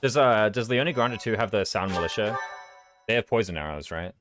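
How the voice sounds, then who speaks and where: A man's voice: lowish voice, expressive, moderate pace. A man with a Southern US accent who drops his consonants, rambling and thinking aloud as he plays. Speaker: streamer playing a strategy game. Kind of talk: casual gameplay commentary. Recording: game music playing underneath. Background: game music.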